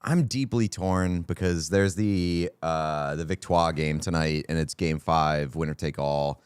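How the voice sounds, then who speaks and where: A man's voice: extremely low pitch, steady tone, a little slow, clear, resonant tone, no room sound. A man co-hosting a casual sports podcast, teasing and laughing with his friends. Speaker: podcast co-host. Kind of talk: casual chat.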